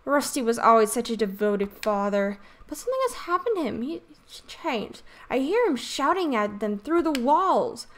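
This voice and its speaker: A woman's voice: on the high side, sing-song, normal speed. A woman voicing a gossipy, kindly old neighbor woman as she reads a game's dialogue aloud, in a fussy, confiding way. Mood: gossiping. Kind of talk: reading game dialogue aloud.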